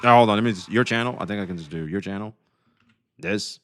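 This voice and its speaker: A young adult man streaming live, talking casually to his chat, swearing freely, swinging between excitement and quiet emotion. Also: fairly low pitch, fast, a little hiss or hum. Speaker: livestreamer.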